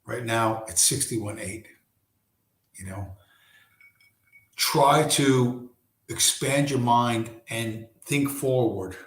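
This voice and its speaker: A man hosting a casual late-night livestream from home, hoarse and losing his voice, talking in a rambling, profane way full of restarts. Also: mid-range voice, very slow, pauses often, reverberant. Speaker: livestream host.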